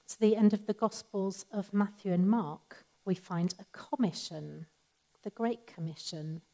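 A woman giving a sermon in a calm, measured, conversational teaching manner. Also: medium pitch, poor audio. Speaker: preacher.

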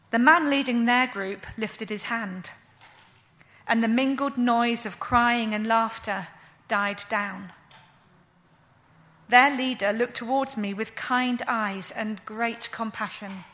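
A woman playing a grieving widowed mother, telling her story in a slow, earnest first-person monologue. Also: a little high, a bit bright.

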